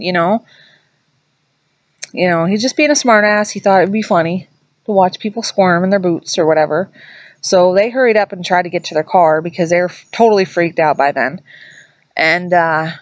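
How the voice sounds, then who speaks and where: A woman's voice: mid-range voice, normal speed, dry recording, lo-fi sound. A woman vlogger casually telling a ghost story, chatty and rambling, often correcting herself mid-sentence.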